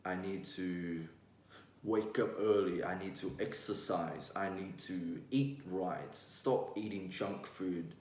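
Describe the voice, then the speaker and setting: A man's voice: low voice, takes it slowly, a little mellow, a little hiss or hum. Young man, blunt vlogger, roomy distant sound. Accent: mixed Vietnamese-Australian. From Vietnam. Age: 20s. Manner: blunt, candid, swears freely. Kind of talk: casual monologue to camera. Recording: roomy echo, voice away from mic.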